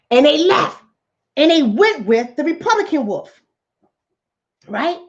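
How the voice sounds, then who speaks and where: A woman hosting her channel, telling a political fable and acting out each character's lines in a lively storytelling manner. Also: sits high, normal speed, dull audio. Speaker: channel host, relationship coach. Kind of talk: political commentary told as a fable.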